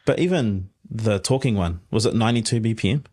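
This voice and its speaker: A man's voice: on the low side, brisk, darkish tone. A man with a New Zealand accent hosting a podcast, self-deprecating and laughing often. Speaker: podcast host. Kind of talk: casual podcast chat.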